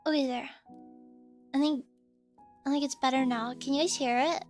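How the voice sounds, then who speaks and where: A woman with a high, light voice chats casually on a live stream. She rambles to her viewers, with plenty of fillers and restarts. Soft music plays faintly behind her. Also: steady tone, normal speed. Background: faint background music.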